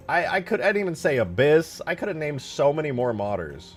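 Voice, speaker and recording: A young man streams and banters with his chat in a lively voice that jumps up and down in pitch. He jokes, swears freely and rambles in an easy, casual way. Soft music plays faintly behind him. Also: fairly quick, husky. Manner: animated, swears often, jokey banter with chat. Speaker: streamer modding a video game.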